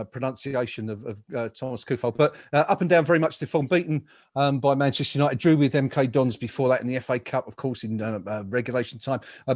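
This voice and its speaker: A man's voice: fairly high pitch, dry recording. Man, football podcast host, rambling, dry close mic. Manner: rambling with many fillers and jokes. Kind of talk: casual football chat. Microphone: home mic, remote call.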